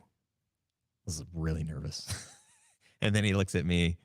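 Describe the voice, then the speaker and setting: A man hosting his own podcast, telling stories in a casual, animated way and acting out his past conversations. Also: low voice, unhurried, long pauses, no room sound, studio quality. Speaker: podcast host. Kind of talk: casual solo podcast talk.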